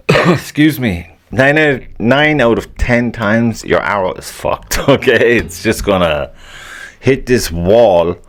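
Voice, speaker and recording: A man's voice: sits low, vocal fry. A man hosting a casual solo podcast, swearing freely, rambling and grumbling with an annoyed edge. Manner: profane, rambling, laughs at own jokes. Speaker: podcast host.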